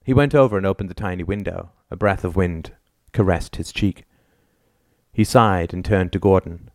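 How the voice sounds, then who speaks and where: Male narrator, audiobook, measured delivery, low voice, dry sound. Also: a little mellow, no room sound.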